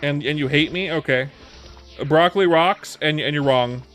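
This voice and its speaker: Faint music plays beneath a thirties-aged streamer with a fairly high, fairly bright voice and fairly even intonation. Talking a little fast, he chats casually with viewers, rambling, restarting sentences and repeating words.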